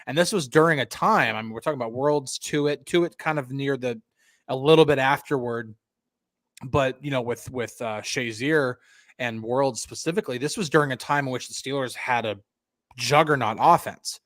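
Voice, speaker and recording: In a casual, analytical sports-podcast conversation, a male co-host frequently backs up and restarts his thoughts. He speaks at a normal speed in a medium-pitched, slightly bright voice. The sound is dry and clean, like a studio.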